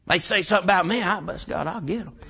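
A man preaching a sermon, building from calm scripture reading to shouted climaxes. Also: high voice, quick pace, creaky. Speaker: pastor.

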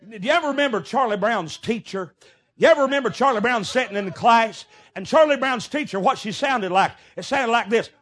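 High-voiced pastor, folksy. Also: male voice, animated, a little fast. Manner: folksy storytelling with shouted bursts. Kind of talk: sermon.

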